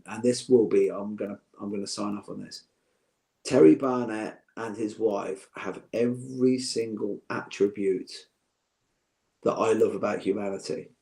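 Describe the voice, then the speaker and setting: A man's voice: lowish voice, creaky, warm tone. A middle-aged man, chatting as a podcast guest, joking and heartfelt by turns. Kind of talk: casual chat.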